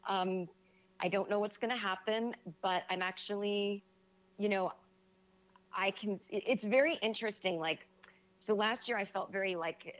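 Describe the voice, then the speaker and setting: A woman in the middle of her pitch range speaks as a guest in a relaxed chat. She talks frankly and reflectively, often hesitating as she works through her thoughts. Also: moderate pace. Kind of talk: casual conversation.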